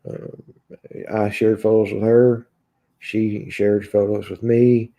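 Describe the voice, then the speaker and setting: A man with a Kentucky accent hosting a livestream, reading viewers' comments aloud in a halting, casual way full of filler sounds and restarts. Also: lowish voice, flat delivery, vocal fry, dark tone. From Kentucky, USA. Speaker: livestream host reading chat.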